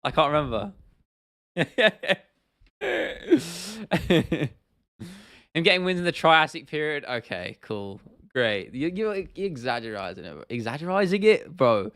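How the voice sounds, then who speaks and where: A man's voice: a little high, very animated, takes it slowly, long pauses, fairly bright tone, dry recording, clean studio sound. A young man from the UK hosting a casual livestream Q&A, talking bluntly with plenty of slang and swearing and often restarting his sentences. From United Kingdom. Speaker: livestream host.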